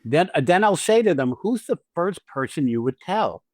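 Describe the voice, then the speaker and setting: A man's voice: a little high, sing-song, normal speed, a little mellow, dry recording, clean studio sound. A man hosting a podcast as an acting teacher, talking casually and animatedly, swearing freely and acting out little scenes with quoted lines.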